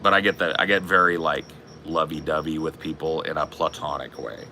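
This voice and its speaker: Give me a very low-voiced man in his forties with a crisp bright edge, swearing his way through casual live-stream banter. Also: steady tone, a little fast, a little hiss or hum. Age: 40s. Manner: rambling, profane, bro-ish banter. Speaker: streamer and podcast host.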